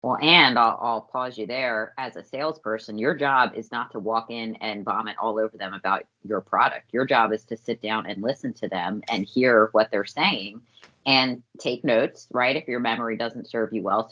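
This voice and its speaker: A woman's voice: rumbling low, normal speed, sharp tone, muffled recording. A woman co-hosting a podcast, chiming in with short agreements and then giving sales advice in a casual way. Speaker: podcast co-host. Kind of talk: casual chat.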